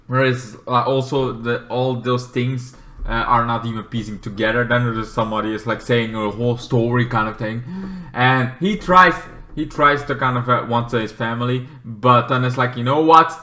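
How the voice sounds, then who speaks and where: A man's voice: steady tone, normal speed, echoey room. A man giving a casual, rambling movie review, swearing and often acting out the characters. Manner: rambling, swears, acts out characters in shrill yells.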